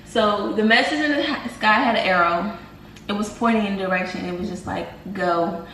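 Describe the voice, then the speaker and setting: A young woman vlogger casually telling viewers about a dream, animated and slangy, talking to them as y'all. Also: medium pitch, normal speed, a little hiss or hum. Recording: roomy, from a distance, faint ambience.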